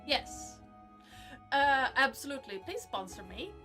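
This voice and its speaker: A woman game master chatting casually at the start of a stream, halting and hesitant with many fillers. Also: high-pitched, big pitch swings, pushed and bright, soft background music.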